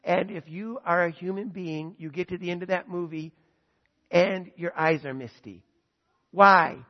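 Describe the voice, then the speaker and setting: Guy preaching, pretty high voice, lots of long hall echo, kinda dull muffled sound, tells stories then hammers his point. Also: moderate pace. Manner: animated storytelling, then emphatic preaching. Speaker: pastor. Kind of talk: sermon.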